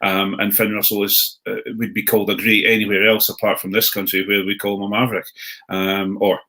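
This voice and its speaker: Low, bright-voiced man. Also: flat delivery, fairly quick. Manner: hesitant, many fillers and restarts. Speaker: podcast co-host. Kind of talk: casual chat.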